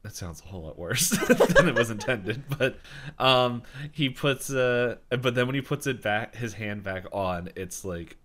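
A man's voice: mid-range voice, lively intonation, measured pace, a bit bright. A man co-hosting a podcast, rambling and laughing as he searches for words to describe a scene. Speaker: podcast co-host. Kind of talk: casual episode recap chat.

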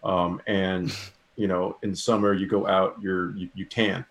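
A man with a lowish voice tells a personal story to friends. He stalls and repeats words, then pushes on. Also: level tone, unhurried. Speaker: guest. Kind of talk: casual storytelling.

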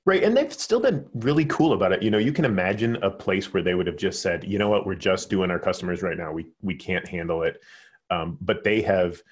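An American man hosting a casual podcast over a video call, joking and talking in quick runs with restarts. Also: low-pitched, lively intonation. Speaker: podcast host. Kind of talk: casual chat. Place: home, remote call. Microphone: video call recording.

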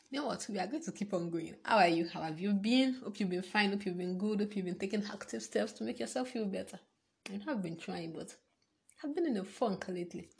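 A woman's voice: mid-range voice, vocal fry, slight background noise. A young woman, hosting a casual solo podcast, rambling, giggling and restarting as she talks. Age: young adult. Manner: rambling and giggly, restarts often, hums and sings to herself. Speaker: podcast host.

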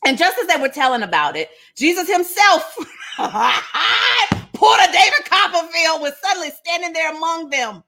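A woman's voice: extremely high pitch, very animated, normal speed, bright, forceful tone. A woman retelling a Bible story comically, with playful slangy asides and frequent laughs.

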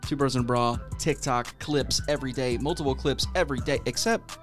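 A man's voice: medium pitch, fairly quick, soft background music. A young man hosting a podcast who swallows his words as he chats casually. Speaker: podcast host.

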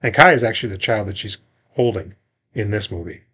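On a laid-back movie podcast he co-hosts, a man with a husky voice on the low side talks a little fast. He gossips and grumbles about a film, his storytelling animated and full of profanity in this casual review chat.

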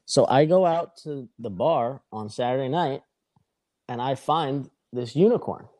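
This young man's voice sits in the mid range, and he keeps a measured pace. Chatting casually on a podcast, he spins a meandering, foul-mouthed story, voicing the others involved in a lively way.

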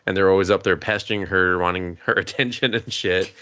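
A man's voice: sits low, steady tone, a little fast, pushed and bright, muffled recording, slight background noise. A man casually recapping an anime on a podcast, laughing often and swearing freely. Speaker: podcast co-host.

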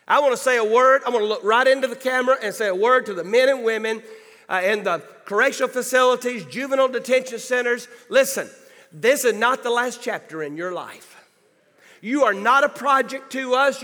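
Male pastor, high bright voice, emphatic sermon delivery, church hall reverb. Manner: emphatic, calls for congregation responses. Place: church sanctuary.

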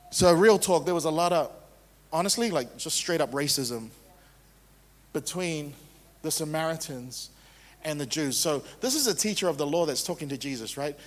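A man's voice: fairly high pitch, fairly bright tone, long reverb tail. A man preaching a sermon as pastor, casual and conversational, driving points home with repetition.

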